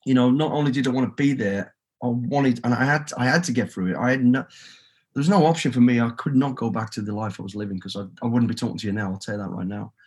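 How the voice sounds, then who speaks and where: A middle-aged man with a Birmingham accent speaks bluntly, swearing as he tells his story. His voice is husky and of middling pitch. He is a guest on a podcast interview. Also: fast talker, darkish tone. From England. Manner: blunt and swearing freely, telling stories with quoted inner thoughts.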